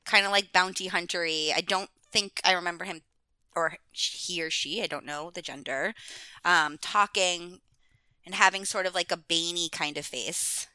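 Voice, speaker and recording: As a podcast guest, a woman rambles through casual conversation, saying "like" constantly and laughing a lot. Her fairly low voice comes across bright and forceful, with a clean tone and no echo.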